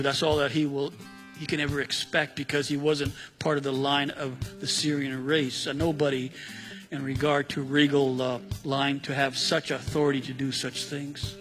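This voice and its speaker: Bright, animated man preaching in a hall. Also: on the high side. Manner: conversational, animated Bible teaching with asides. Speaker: pastor. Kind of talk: expository sermon.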